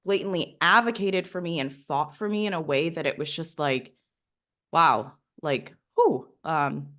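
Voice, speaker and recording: A young woman hosting a podcast, speaking in an emotional, grateful and halting way to a former leader. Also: on the low side, sharp tone. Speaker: podcast host, former Marine. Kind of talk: casual interview chat.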